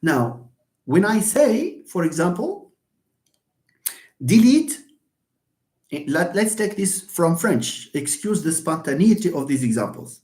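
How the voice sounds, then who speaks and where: A male lecturer walks through an idea, asking himself questions and answering them at once. His pitch rises and falls in a lively way, and words often repeat while he thinks aloud. The voice rings in a roomy, echoey space. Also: takes it slowly, long pauses. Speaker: university lecturer. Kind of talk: live lecture. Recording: roomy echo.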